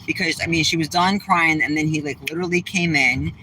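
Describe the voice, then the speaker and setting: A man's voice: a little high, fairly quick. A man with a Southeastern Massachusetts accent chatting casually to his viewers from inside his car, rambling and blunt, swearing freely. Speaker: vlogger. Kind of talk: casual livestream chat while driving. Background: faint vehicle noise.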